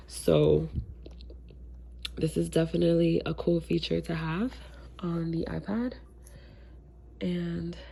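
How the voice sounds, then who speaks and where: A woman with a slightly low, gravelly voice, stuffed up from a cold, talks through a casual unboxing vlog. She is laid-back and chatty, with lots of ums and easy slang. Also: mellow. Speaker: tech vlogger.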